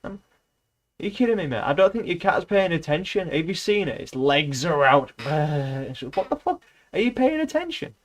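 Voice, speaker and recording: A man's voice: on the high side, fairly quick. A man streaming himself reading a novel aloud, breaking off for sarcastic, sweary asides. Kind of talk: casual reading aloud with commentary.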